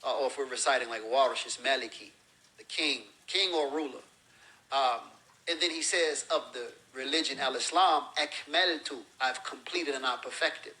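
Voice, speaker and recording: A man's voice: mid-range voice, moderate pace, bright, forceful tone, low-quality recording. A man lecturing as a religious teacher, explaining terms with everyday examples and acted-out phrases.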